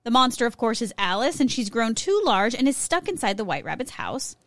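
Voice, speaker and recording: A woman's voice: fairly high pitch, very animated, fairly quick, no echo, clean studio sound. A woman co-hosting a podcast, reading a prepared segment in a casual way, with small slips and self-corrections. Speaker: podcast co-host presenting a segment.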